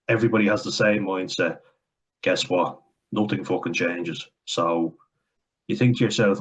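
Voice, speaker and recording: Irish man, low pitch, husky tone, blunt heated rant, heavy swearing, home vlog. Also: measured pace, lo-fi sound. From Ireland. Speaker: commentator. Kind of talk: ranting vlog commentary. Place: at home, indoors.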